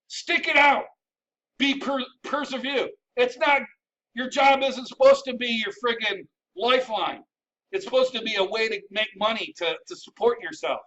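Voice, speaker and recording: A man, an army veteran, ranting at his viewers in a combative, profane, scolding way, shouting at times. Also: sits high. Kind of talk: ranting commentary to camera. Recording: dull sound from a distant mic.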